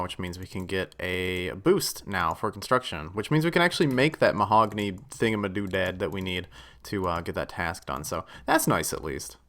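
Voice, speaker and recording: A young man, the host of a gaming channel, casually talks over his own gameplay. He's chatty, sinks into low mutters, then bursts out with excitement.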